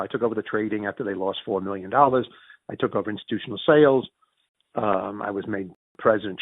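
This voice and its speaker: A man with a Yankee accent tells business stories in an interview, his gravelly, slightly husky voice leaping around in pitch as he plays out each quoted exchange. He trips over his words and restarts often. The sound is thin and phone-like, with no room around it. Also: no echo. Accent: Northern US Yankee. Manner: animated, acts out quoted dialogue with big pitch jumps; frequent restarts and repeated words. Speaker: interview guest. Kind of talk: storytelling in a conversational interview. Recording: tinny phone-like dry audio.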